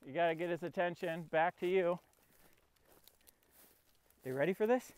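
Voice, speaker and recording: A man's voice: a little high, normal speed, a little mellow, clean tone, no room sound. A man training his puppy outdoors, coaxing the dog and explaining each step in a casual vlog. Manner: coaxing and talking to his dog, narrating between commands. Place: outdoors in a field.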